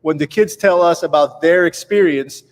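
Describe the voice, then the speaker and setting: Male guest on a live show, modest, stumbles over words, slightly higher voice, reverberant room. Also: moderate pace. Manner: modest, stammering restarts. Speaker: guest, school administrator. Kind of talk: interview conversation. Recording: long reverb.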